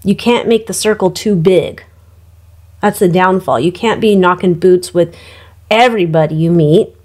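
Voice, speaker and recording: A woman's voice: on the low side, normal speed, a little mellow. Gossipy woman giving a tarot reading. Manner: gossipy, irreverent, frequent ums and laughs. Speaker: tarot reader. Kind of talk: casual chatty tarot reading.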